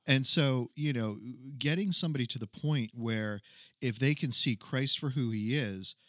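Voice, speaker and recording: Male co-host, mid pitch, thoughtful and measured, dry close mic. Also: a bit bright, no echo. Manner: measured, reasoning aloud with many restarts. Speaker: podcast co-host. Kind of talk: casual chat.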